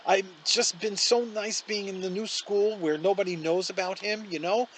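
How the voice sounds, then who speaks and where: A man's voice: high voice, fairly even intonation, moderate pace, fairly bright tone, slight background noise, pitched above the performer's own voice, poor audio. A man reading aloud and voicing a teenage girl who is upset, pleading and close to sobbing. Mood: tearful. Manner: upset, pleading, breaking into sobs. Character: teenage girl, tearful and defensive.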